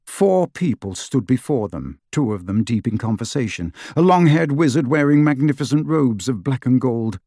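A man narrating a fantasy novel as an audiobook, with expressive storytelling. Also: medium pitch, moderate pace, few pauses, no room sound, studio quality. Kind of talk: scripted narration.

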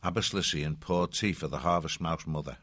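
Audiobook narrator: man with a very low voice, dry close recording, measured delivery. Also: a bit bright, no echo. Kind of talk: scripted storybook narration.

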